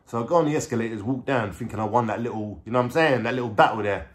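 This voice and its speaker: A man with a London accent recounts a story in a loose, conversational way. He talks in street slang, swears freely and keeps checking in with the listener. His voice sits at an ordinary middle pitch. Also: racing. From England. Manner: street slang, swearing, frequent "you know what I'm saying". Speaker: vlogger. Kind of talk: casual storytelling.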